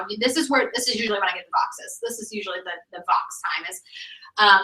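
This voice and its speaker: A woman in her thirties leads a motivational sales training, emphatic and chatty, with plenty of "like." Her voice sits a little high and rings bright. It is picked up from a distance in an echoey meeting room. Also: brisk. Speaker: sales director training new consultants.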